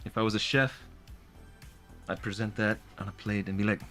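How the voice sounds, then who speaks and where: A man's voice: on the low side, level tone, normal speed, bright, forceful tone, faint music behind. A man hosting comedic commentary on reviews, with exaggerated reactions and frequent laughs. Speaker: host.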